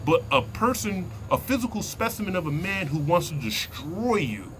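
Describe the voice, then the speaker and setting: Man, high lively voice, heated sports rant, slangy, repeats himself, faint vehicle hum behind. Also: moderate pace. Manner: worked-up, slangy, repeats himself, drops to low mutters. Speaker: sports fan vlogger.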